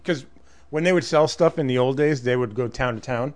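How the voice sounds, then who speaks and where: A man's voice: mid-range voice, brisk, no room sound. A man in a casual podcast chat, explaining his point earnestly.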